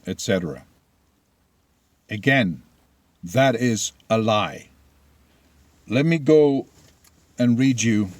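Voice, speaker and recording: A man's voice: mid-range voice, darkish tone. A middle-aged man whose first language is Spanish, giving a blunt, opinionated monologue of political commentary with personal stories. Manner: deliberate, blunt, opinionated storytelling.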